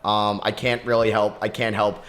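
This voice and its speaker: A young man giving excitable, quick commentary on his own basketball video game, talking to himself as he plays. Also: lowish voice. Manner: excitable, talks to himself while playing. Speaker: gaming YouTuber.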